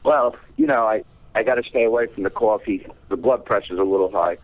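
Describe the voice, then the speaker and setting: A man calling in to a podcast, chatting in an easygoing, slightly halting way. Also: on the low side, no echo. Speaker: caller. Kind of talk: casual phone chat. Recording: tinny dry phone line.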